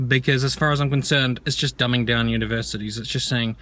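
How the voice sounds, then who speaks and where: A man's voice: medium pitch, steady tone, fast talker, a bit bright. A man ranting heatedly in an opinion vlog, sarcastic and profane. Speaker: vlogger. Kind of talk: angry opinion rant.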